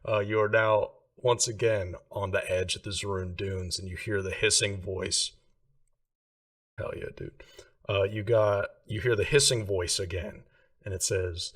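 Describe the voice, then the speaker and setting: A man's voice: fairly low pitch, fairly even intonation, unhurried, a bit bright, far from the mic. A man narrating as game master of a tabletop game, in loose, casual narration with lots of fillers.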